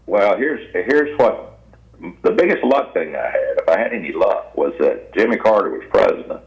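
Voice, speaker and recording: Here a guest actor, an older man with a Southern US accent, spins rambling, folksy yarns for an interviewer. His low, sing-song voice moves at a moderate pace, and the radio audio sounds dull and lo-fi.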